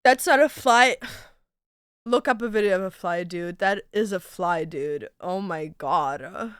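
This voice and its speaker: Bright, playful young woman streamer. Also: fairly low pitch, takes it slowly, smooth, no echo, studio quality. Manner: playful, crude, laughs a lot. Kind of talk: casual livestream chat.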